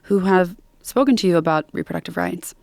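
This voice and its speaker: Low-voiced woman podcast co-host, dry sound. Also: animated, a little fast, creaky, darkish tone, dry recording. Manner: emphatic, gossipy storyteller. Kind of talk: casual chat.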